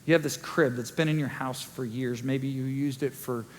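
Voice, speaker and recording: A male pastor preaching a sermon in a conversational way, acting out quick quoted asides. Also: medium pitch, steady tone. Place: church sanctuary. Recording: long church hall reverb.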